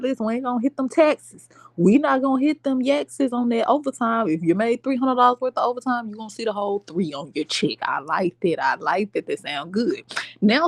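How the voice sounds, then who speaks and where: A woman hosting a podcast, giving casual commentary in a slangy, animated way and often checking in with her listeners. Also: on the high side, dry recording. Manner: slangy, animated, keeps asking "you get what I'm saying". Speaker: podcast host.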